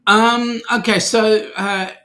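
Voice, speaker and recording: A middle-aged Australian man hosts a relaxed live-stream chat about cruising, his voice sitting a little higher than most men's. He greets viewers by name and teases them good-naturedly. His talk is loose, with frequent ums and uhs. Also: takes it slowly. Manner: chatty, teasing, many ums and uhs. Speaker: co-host of a weekly cruising chat. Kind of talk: casual live-stream chat reading comments.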